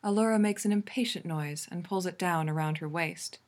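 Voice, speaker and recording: A woman reading a fan fiction story aloud in a calm, even narrating voice. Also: on the low side, a little fast. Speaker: reader.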